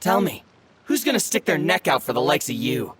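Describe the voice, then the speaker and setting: A sneering local thug. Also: male voice, a little high, sing-song, brisk, gravelly, a bit bright, slight background noise, heavily acted. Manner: contemptuous, taunting. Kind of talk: video game voice acting.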